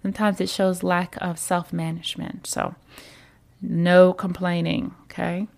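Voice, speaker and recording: A woman's voice: on the low side, flat delivery, a little slow, gravelly, darkish tone. A woman giving casual self-development advice straight to her viewers, earnest and conversational, now and then acting out what other people say. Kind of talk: casual advice talk to camera.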